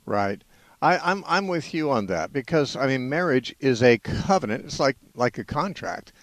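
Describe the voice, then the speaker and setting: A man's voice: mid-range voice, lively intonation, moderate pace, no room sound. A man hosting a call-in radio show, talking in a rambling, hesitant way with many fillers. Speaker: radio host.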